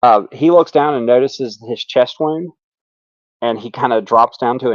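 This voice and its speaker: A man narrating as game master in a tabletop game, relaxed and laughing, with lots of fillers. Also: medium pitch, normal speed, no room sound. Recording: dull lo-fi sound.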